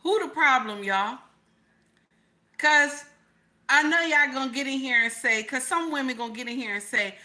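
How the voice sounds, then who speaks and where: A woman reacting live to a clip and reading her chat aloud, loud and laughing, repeating her questions over and over. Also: high-pitched, normal speed.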